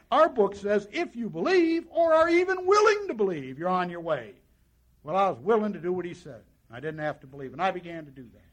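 A man with a notably high-pitched voice speaks to a meeting audience as he shares his own recovery story. He tells it in a folksy, conversational way and keeps acting out the dialogue of the people in it. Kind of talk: personal testimony to an audience.

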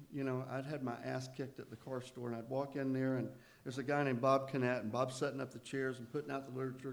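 A man sharing his recovery story at a meeting, in a conversational way with self-deprecating humor. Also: mid-range voice.

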